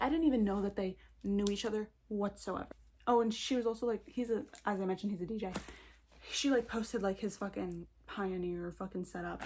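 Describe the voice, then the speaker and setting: A young woman telling a heated storytime vlog into her phone, swearing often and talking fast. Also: medium pitch, darkish tone, a little hiss or hum. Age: young adult.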